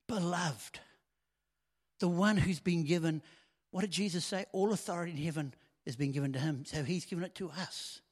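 Male preacher, slightly high voice, conversational sermon with loud swells, long hall echo.

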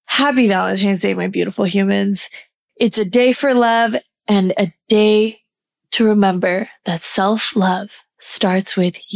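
A woman hosting a self-care podcast, guiding listeners through affirmations in a warm, encouraging, casual way. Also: a little high, gravelly. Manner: slow deliberate pacing on repeated affirmations. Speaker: podcast host.

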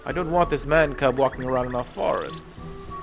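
A man voicing a menacing adult tiger in a comic improvised retelling of a jungle story, speaking low and quietly with threat. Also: moderate pace, vocal fry, close to an everyday voice. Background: music.

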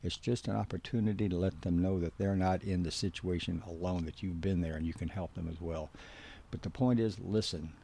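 A man with a deep, husky voice delivers a teaching talk. His tone is mellow and warm. He speaks earnestly and gives direct instructions, repeating his key points for emphasis. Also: steady tone, fairly quick. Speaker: biblical counseling instructor.

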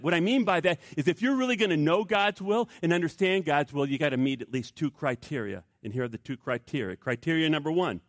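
A man preaching a sermon, emphatic, repeating key phrases and swinging between raised emphasis and hushed delivery. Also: on the high side, expressive, quick pace, no echo, studio quality. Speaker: pastor.

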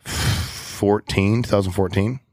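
A man in his forties with a very low voice, chatting in an interview. He rambles, restarts and speaks bluntly in casual slang. The sound is dry and close to the mic. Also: steady tone, takes it slowly, darkish tone, no echo. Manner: rambling, blunt, drops into slang like "dude" and "ain't". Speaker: guest, business owner.

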